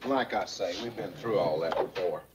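An actor playing a patient, dry-humored father in a classic sitcom, speaking calmly and firmly to his young son. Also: low-pitched, heavy background noise, close to an everyday voice. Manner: calm, unhurried, gently firm. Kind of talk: old sitcom acting.

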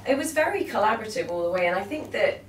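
A British woman, an actress, chatting in an interview with teasing, quick-witted banter. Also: mid-range voice, lively intonation. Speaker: actress guest. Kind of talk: casual interview chat. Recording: echoey room, distant mic, noise.

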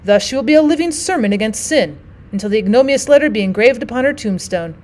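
Older male stranger in a storybook reading, bitter and grave, measured delivery, read by a woman with a fairly high voice. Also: animated, darkish tone, lightly acted.

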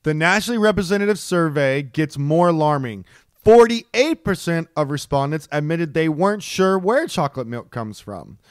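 A man co-hosts a loose comedy podcast. He gets worked up, rants and curses freely. His voice sits a little high, recorded close and dry. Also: moderate pace, dry recording. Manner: excitable, swears a lot, ranting. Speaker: podcast co-host. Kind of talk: casual comedy podcast chat.

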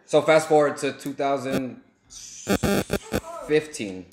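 A young vlogger from El Paso, Texas, with a medium-pitched voice takes his time telling a rambling, joking story during a food challenge at home. The casual story-time chat is recorded in an echoey room with faint noise.

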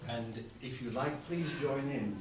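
A man's voice: mid-range voice, noisy background. Australian man announcing a choir, echoey and distant. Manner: friendly, a little halting. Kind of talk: public announcement to an audience. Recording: very echoey, distant, loud crowd.

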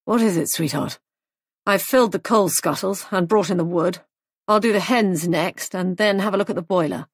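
A woman voicing a young husband who talks in a gloomy, matter-of-fact way, dropping her voice lower. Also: moderate pace, slightly rough, dry recording, studio quality.

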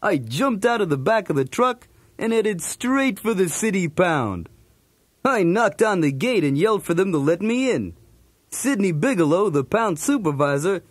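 High, bouncy, streetwise cartoon dog narrating a toy story tape; dry close sound. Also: male voice, no room sound, full character voice. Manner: jokey, streetwise, punning. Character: cool wisecracking male cartoon dog.

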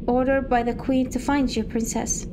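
A woman reading a game's lines for a cold, threatening female bounty hunter, in a plain, slow reading voice. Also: high-pitched, flat delivery, background noise, lightly acted. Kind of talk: game dialogue read aloud. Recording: game music playing behind.

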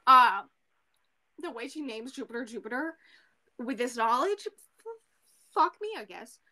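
A woman co-hosting a podcast, casually recapping a book in an animated way, full of fillers and the odd swear. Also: a little high, unhurried. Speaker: podcast co-host.

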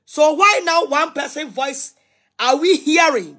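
This live video shows a middle-aged Ghanaian woman on a scolding, defiant rant, switching between languages and repeating herself. She speaks at a measured pace in a high-pitched, slightly bright voice.

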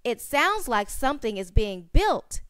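A woman voicing a calm father in a children's story, in a calm, even way. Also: fairly high pitch, a little slow, smooth, no echo, studio quality. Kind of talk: storybook character reading.

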